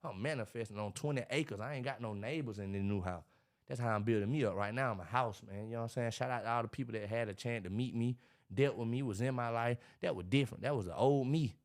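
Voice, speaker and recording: A man, talking in a casual interview about his life, animated and preachy, acting out what others say. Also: medium pitch, fast talker. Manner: animated, preachy storytelling with acted-out quotes. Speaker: podcast guest, motivational speaker.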